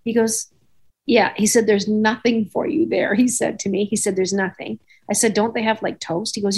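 Husky-voiced woman telling rambling stories. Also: mid-range voice, level tone, normal speed, darkish tone. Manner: rambling anecdotal storyteller, acts out dialogue. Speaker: podcast host. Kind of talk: casual chat.

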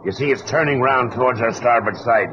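An actor playing a stubborn older merchant captain, gruff and scornful, in an old radio drama. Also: male voice, medium pitch, brisk, lightly acted. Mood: tense. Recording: dull old radio broadcast with hiss.

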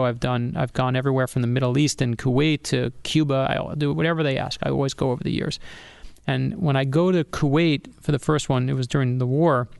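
Gravelly-voiced man telling a story. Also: mid-range voice, no echo, clean studio sound. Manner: animated storyteller, acts out dialogue. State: getting emotional. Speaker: author and guest. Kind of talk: storytelling in an interview.

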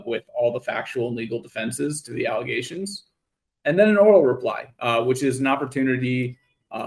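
A man with a mid-range voice speaks as a guest attorney on a radio interview. He explains each step in a measured, orderly way. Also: mid-range voice, poor audio.

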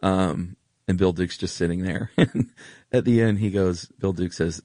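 Deep-voiced laid-back man. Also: moderate pace, warm tone, dry recording. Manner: laid-back, enthusiastic storyteller who laughs often. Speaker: podcast co-host. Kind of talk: casual chat.

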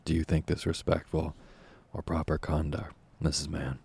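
A man's voice: a bass voice, little pitch movement, moderate pace, gravelly, darkish tone, slightly rough, full character voice. A man voicing a fat, pompous, short-tempered parish official who likes to orate. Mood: indignant. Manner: pompous, self-important oratory.

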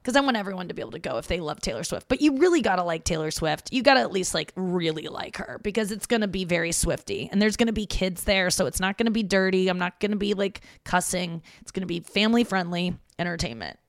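A woman's voice: lowish voice, lively intonation, fast talker, hardly any pauses, no echo, studio quality. A woman in her thirties, a stand-up comic from St. Louis, chatting loosely and self-deprecatingly through a solo podcast, swearing freely. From St. Louis, United States. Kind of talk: casual solo podcast monologue. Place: her parents' home.

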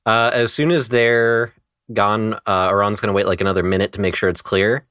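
Deep-voiced man playing a tabletop game. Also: steady tone, fairly quick, a bit bright, clean tone, no echo, clean studio sound. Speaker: player. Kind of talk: tabletop role-play.

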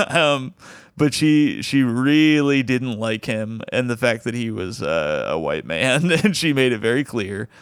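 A man's voice: medium pitch, clear, resonant tone, no room sound, clean studio sound. A young man, a comedian, casually telling a funny anecdote, laughing often as he talks. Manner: animated, laughs often while telling the story.

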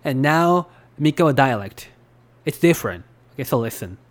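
A man's voice: mid-range voice, expressive, normal speed. A Japanese man with a Japanese accent hosting a podcast, talking in a loose, rambling way with lots of fillers. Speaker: podcast host. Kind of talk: casual podcast talk.

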